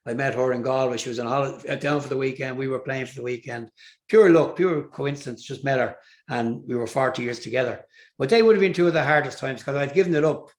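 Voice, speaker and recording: A man's voice: mid-range voice, fast. An older man with an Irish accent, a singer telling rambling stories with fillers and restarts in an interview. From Ireland. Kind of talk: casual storytelling interview.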